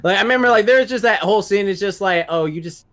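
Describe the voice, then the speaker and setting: A man co-hosting a podcast in casual chat, retelling scenes in a profane, animated way. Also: high-pitched, quick pace. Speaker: podcast co-host.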